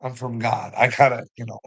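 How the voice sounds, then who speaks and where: Casting note: husky, gravelly-voiced man, casual rambling commentator, laughs through his lines, salty language. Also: mid-range voice, little pitch movement, normal speed, fairly bright tone, rough recording. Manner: chuckles often, swears, rambling. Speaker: online commentator.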